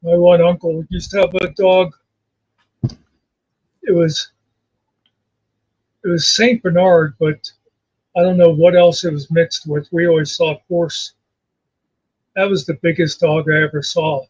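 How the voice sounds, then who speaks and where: Casting: high, husky-voiced man, laid-back storyteller, dry muffled line. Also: flat delivery, unhurried, long pauses, darkish tone, no echo. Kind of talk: casual chat.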